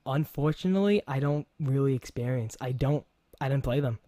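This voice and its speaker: Podcast host, man, New York accent, animated rambler, dry close sound. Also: medium pitch, fairly quick, no echo. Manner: animated, rambling, laughs often. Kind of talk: casual chat.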